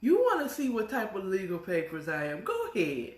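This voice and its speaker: A woman's voice: huge pitch swings, a little fast, roomy sound, recorded from a distance. A woman voicing a stack of legal papers that coax and tease a nosy reader. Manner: coaxing, teasing, high-pitched. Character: tempting legal papers calling out, sly.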